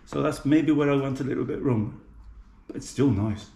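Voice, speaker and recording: A creaky, mid-range male voice at a moderate pace comes from a Birmingham home cook who chats with viewers and teases himself. The casual cooking vlog is set in his home kitchen, and the background is noisy, with echo and faint clattering.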